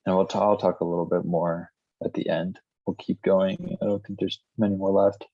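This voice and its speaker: A man teaching a recorded language lesson, reading word lists one item at a time in a plain, steady way. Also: low voice, normal speed, no echo. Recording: slightly dull lo-fi recording.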